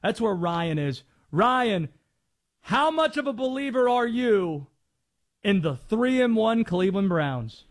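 A man hosting a sports call-in show, talking fast and animated, joking with callers and poking fun at himself. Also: high voice. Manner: animated, quick, jokey and self-deprecating. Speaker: sports talk radio host. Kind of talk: energetic sports radio talk.

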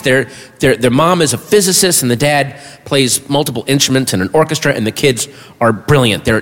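Bright, animated stand-up comedian man. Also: medium pitch. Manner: animated, shouts punchlines, self-mocking. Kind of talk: stand-up storytelling. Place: comedy stage before a live audience. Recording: reverberant hall with audience murmur.

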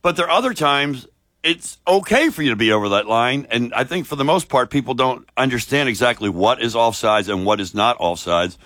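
A man's voice: mid-range voice, a little fast, no room sound, clean studio sound. A man hosting a casual talk show, telling stories with enthusiasm. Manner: animated, enthusiastic storyteller. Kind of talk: casual chat.

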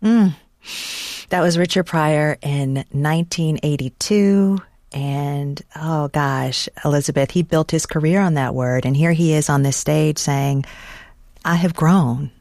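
Woman, interviewer, low pitch, soft measured questions, dry recording. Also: no room sound. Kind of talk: conversational interview.

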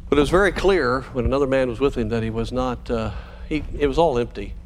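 An earnest male pastor delivering a sermon at a mid-range pitch, exhorting fathers and telling illustrative stories. A faint hiss sits behind his voice. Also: quick pace.

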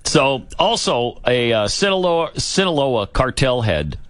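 A man hosting a casual talk show, sarcastic and incredulous, quick to laugh. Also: mid-range voice, big pitch swings, a bit bright, no room sound. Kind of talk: casual chat.

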